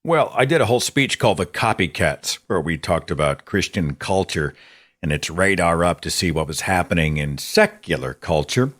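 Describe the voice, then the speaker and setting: This is casual call-in talk from an Oklahoman host out of Oklahoma, USA. Energetic and full of laughter, he lets his pitch spike upward when he's making a point.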